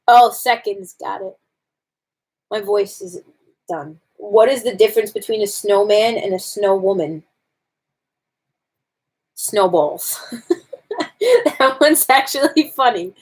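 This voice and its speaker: A woman's voice: mid-range voice, takes it slowly, long pauses, a little mellow, breathy edge. A woman on a casual live stream, reading jokes aloud and commenting on them to her viewers.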